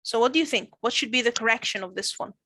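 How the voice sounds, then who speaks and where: A woman's voice: fairly high pitch, fast, sharp tone, no echo. A woman teaching a grammar class over a video call, encouraging and full of "all right"s. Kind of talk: online class, leading a grammar demo.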